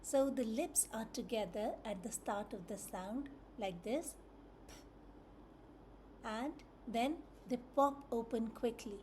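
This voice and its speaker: Slow patient lady teaching phonics sounds, repeats each one, soft mellow tone, a bit of room hum. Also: on the high side.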